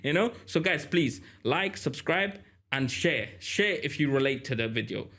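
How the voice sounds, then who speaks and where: A man co-hosts a casual podcast, his fairly high voice swinging up and down as he tells stories. He talks in loose, animated bursts full of fillers like "you know" and "man". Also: a little slow. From London. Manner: animated storytelling, lots of fillers. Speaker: podcast co-host. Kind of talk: casual chat.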